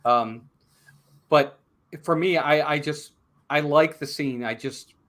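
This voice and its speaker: A man's voice: fairly high pitch, slow pace, a bit bright. A man co-hosting a casual movie review, talking emphatically and repeating words as he makes his points. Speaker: co-host, film reviewer.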